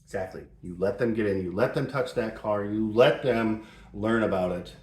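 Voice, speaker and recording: A man's voice: lowish voice, moderate pace. A middle-aged man hosting a joking advice talk, playful and mock-serious, in a home shop. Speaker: host. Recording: roomy echo.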